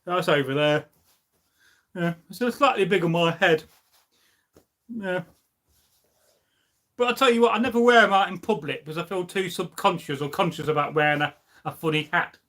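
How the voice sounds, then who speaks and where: A man chatting on a casual live stream, rambling from one thought to the next and reading viewers' comments. His voice sits a little high and has a bright, forceful edge. He sounds opinionated and loose, with plenty of ums along the way. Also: moderate pace, pauses often.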